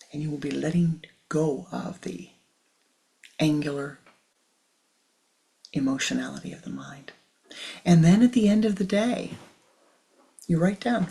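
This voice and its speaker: An older spiritual teacher giving a measured talk before a meditation, often dropping into a soft whisper. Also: medium pitch, creaky, low-quality recording.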